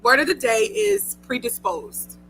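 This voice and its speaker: A woman's voice: high-pitched, sing-song, unhurried, a bit bright, soft background music, rough recording. A young woman hosting a radio talk show, chatty and emotional, often laughing. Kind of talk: casual chat.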